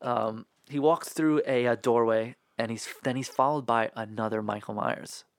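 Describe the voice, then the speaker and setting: Male podcast host, relaxed recap delivery, mid pitch, dry booth sound. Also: no echo. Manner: laid-back, filler-heavy retelling with quick impressions. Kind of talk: casual movie recap chat.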